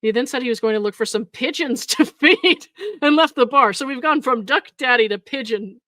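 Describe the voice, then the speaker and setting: A woman's voice: high voice, a little fast, a bit bright, dry recording. Sarcastic woman roasting with laughs. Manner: sarcastic, laughing, swearing, incredulous. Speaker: commentary host. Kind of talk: reaction commentary reading messages aloud.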